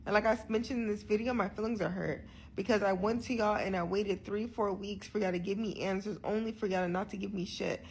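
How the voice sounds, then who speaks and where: A woman's voice: mid-range voice, steady tone, fairly quick, a little hiss or hum. A young woman talking candidly to her viewers in a vlog, earnest and frustrated, often restarting her sentences. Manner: frequent restarts and repeated words. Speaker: vlogger sharing her health journey. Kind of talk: candid direct-to-camera vlog.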